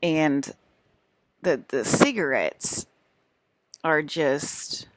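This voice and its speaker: A woman's voice: low voice, expressive, extremely slow, no room sound. A young woman vlogging to camera in a meandering, repetitive way, with many fillers and restarts. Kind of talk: casual rambling monologue.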